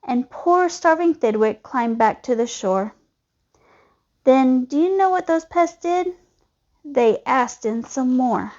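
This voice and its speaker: A woman reading a children's storybook aloud in a lively, expressive way. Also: sits high, slow pace. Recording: dull lo-fi recording.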